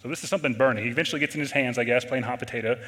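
A man's voice: mid-range voice, rapid-fire. Earnest preacher man in a reverberant hall. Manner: earnest, swings between loud emphasis and quiet intensity. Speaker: pastor. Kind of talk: sermon.

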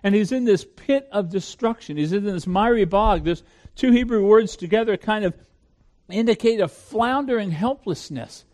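Pastor, man, high-pitched voice, earnest sermon delivery with frequent restarts. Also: lively intonation, normal speed, darkish tone. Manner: earnest, repeats words when starting sentences.

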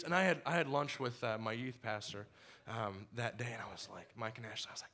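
A young man telling his personal story to a church congregation, animated and laughing often as he acts out his own past words. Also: medium pitch, a little fast. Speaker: church member giving testimony.

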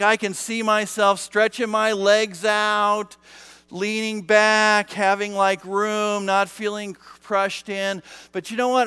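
A man's voice: high-pitched, fairly bright tone, clear, resonant tone. A man telling a humorous personal story to a live audience, casual and self-deprecating, with lots of "like" fillers.

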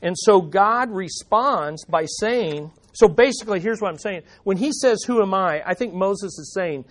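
High-voiced, animated male preacher. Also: moderate pace, hardly any pauses. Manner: animated, asks the congregation rhetorical questions. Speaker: pastor. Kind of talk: sermon.

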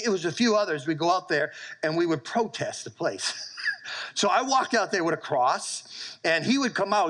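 A middle-aged male pastor preaching a sermon, telling animated stories and calling for amens from his church. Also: fairly high pitch, rough recording.

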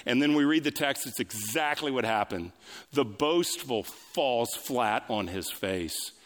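Preaching man in an echoing hall. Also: lively intonation. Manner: preaching with sweeping pitch swings, quick asides and repetition. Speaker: pastor. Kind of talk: sermon. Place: church sanctuary. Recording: long reverb of a large hall.

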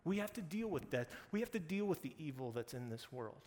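A man's voice: a little high, sing-song, fairly quick, darkish tone. A man preaching a casual sermon, retelling scripture in conversational everyday slang. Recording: reverberant hall, faint background noise.

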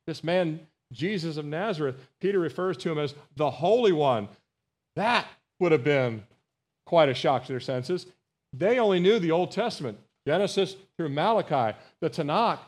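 Guy preaching a bible study sermon, kinda high voice, earnest, repeats himself, punches the big words. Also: animated, moderate pace. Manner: earnest, emphatic, rising on key phrases, asks the congregation "Amen?"; repeats words and restarts phrases. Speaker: pastor.

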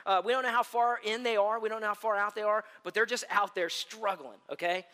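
A man with a high, bright and ringing voice preaches a sermon, telling stories with animated, self-deprecating humor. He sounds like a pastor in front of his congregation. His words echo with the long reverb of a big hall. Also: fairly quick.

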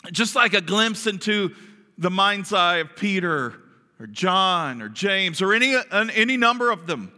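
A man preaching a sermon, telling a story dramatically, his voice swinging from hushed to loud as he acts out voices. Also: high voice, big pitch swings, measured pace. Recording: long hall reverb.

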